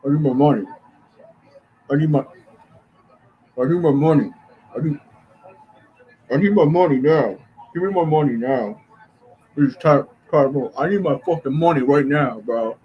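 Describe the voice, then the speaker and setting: A man's voice: fairly high pitch, normal speed, pauses often, dull audio, lightly acted. A man voicing a pushy man who keeps demanding his money, blunt and crude.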